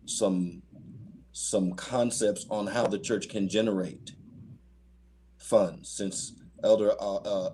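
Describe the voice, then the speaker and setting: A man on a church panel speaks in a low, mellow voice. He hesitates and restarts often, then lands his points with conviction. Faint background noise sits under his voice. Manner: hesitant, many fillers and restarts, then firm. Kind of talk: panel discussion remarks.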